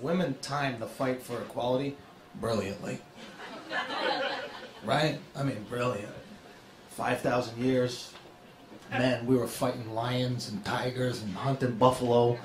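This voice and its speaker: A male stand-up comedian with a mocking tone, slipping into high impressions. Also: steady tone, a little slow, long pauses, recorded from a distance, heavy background noise. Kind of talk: stand-up set. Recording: echoey live room with loud crowd.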